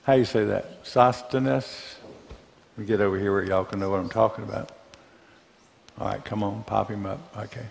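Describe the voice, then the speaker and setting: A man from Mississippi with a Southern accent, teaching a church Bible class in a conversational way, asking the class questions and pausing on fillers. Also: fairly low pitch, level tone, creaky, a little mellow, in a large hall, a little hiss or hum.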